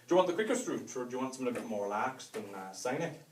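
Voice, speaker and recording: A man's voice: medium pitch, animated, very fast, noisy background, close to an everyday voice. A man voicing a helpful local giving directions, in a put-on Irish accent. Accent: mock Irish. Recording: echoey live venue, distant mic.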